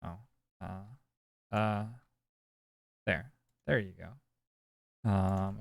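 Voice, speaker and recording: With a low voice marked by vocal fry and stretched-out words, a man streams a puzzle game and thinks out loud. The let's-play commentary is relaxed and musing, and there's no room sound.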